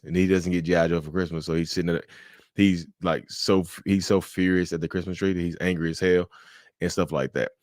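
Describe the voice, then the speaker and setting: A man hosting a casual podcast chat, animated and quick to act out angry quotes, swearing freely. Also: deep voice, dry recording, studio quality. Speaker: podcast host.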